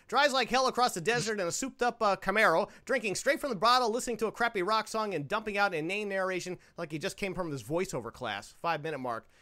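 A man hosting a podcast, ranting sarcastically and swearing as he reviews a low-budget film. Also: bright, forceful tone. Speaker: podcast host. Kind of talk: casual movie-review banter.

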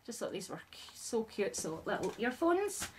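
A woman's voice: a little high, sing-song, moderate pace, noisy background. A woman, chatting casually as a vlogger and gushing with lots of fillers. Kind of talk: casual chat.

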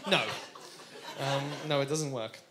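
A man's voice: medium pitch, unhurried, background noise. A man from Belgium doing stand-up comedy in a rambling, conversational, self-mocking way.

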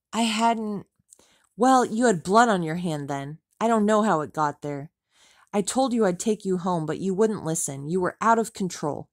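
A woman's voice: on the low side, darkish tone, no room sound, studio quality. A woman reading an audiobook, voicing an angry, exasperated man who snaps at his ex-wife. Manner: furious, exasperated, snapping.

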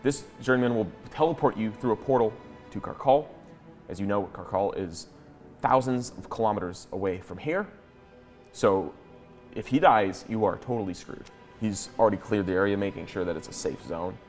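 A man's voice: lowish voice, moderate pace, darkish tone, faint music behind. A young man narrating a tabletop game as game master, describing scenes with dramatic flair and frequent restarts.

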